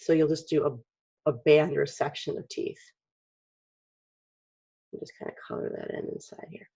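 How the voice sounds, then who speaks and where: Husky-voiced woman teaching drawing. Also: sits low. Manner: chatty, clears throat often, acts out expressions. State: frog in her throat. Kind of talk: casual drawing tutorial. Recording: dull lo-fi recording.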